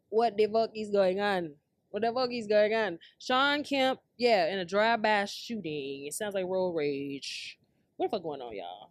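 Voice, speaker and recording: A woman hosting her own podcast in brash, profane casual commentary, dropping to low mutters and then breaking into loud, high outbursts. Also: no echo, clean studio sound. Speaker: podcast host.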